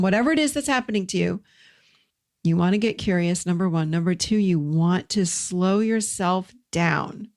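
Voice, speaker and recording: A middle-aged woman gently leading listeners through a self-help process, talking in a warm, conversational way. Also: on the low side, normal speed. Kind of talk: guided self-help teaching.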